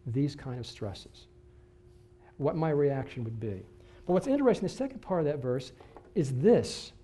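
A male pastor preaching a sermon, telling a personal story in an animated way that swings between excited bursts and hushed moments. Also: on the high side.

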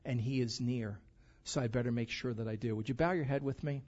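A man's voice: medium pitch, fairly quick, darkish tone. A male pastor preaching a conversational sermon and building up emphasis on key words. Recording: dull lo-fi recording.

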